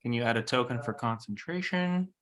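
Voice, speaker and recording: A man with a bright, clear-toned voice at an ordinary pitch runs a tabletop game. He describes the action and settles the rules in a brisk, matter-of-fact way. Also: expressive. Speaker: game master.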